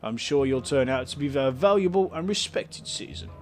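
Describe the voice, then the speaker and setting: A man voicing a big, bearded, calm male station councillor from a video game, with a Cockney accent, clipping words like 'em. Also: mid-range voice, fairly quick, soft background music, lightly acted. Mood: calm, welcoming. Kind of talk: reading game dialogue aloud.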